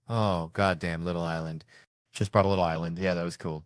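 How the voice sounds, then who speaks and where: A man trading playful, boastful jokes in a fairly low voice. His voice sounds dry and close, with little room sound. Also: level tone, fairly quick, dry recording. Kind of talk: joking banter.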